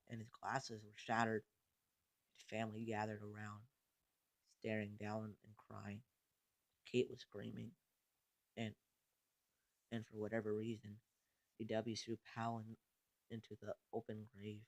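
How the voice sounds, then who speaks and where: A man with a low voice reads a creepypasta aloud, halting often and restarting half-spoken words. The sound is dry and close, with no room echo. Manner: halting reading with frequent stumbles and restarts. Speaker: narrator. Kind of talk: creepypasta reading.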